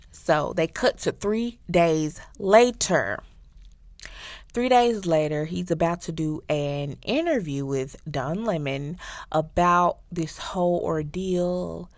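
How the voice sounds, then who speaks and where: Animated slangy woman recapping a show. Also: low-pitched, no room sound. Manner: animated, slangy, addresses listeners as y'all. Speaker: podcast host.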